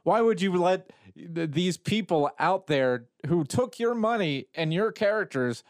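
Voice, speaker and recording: Exasperated man, fairly high voice. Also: expressive, unhurried, a little mellow, dry recording, studio quality. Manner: exasperated, emphatic, trails off mid-sentence. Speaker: podcast co-host. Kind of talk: casual podcast chat.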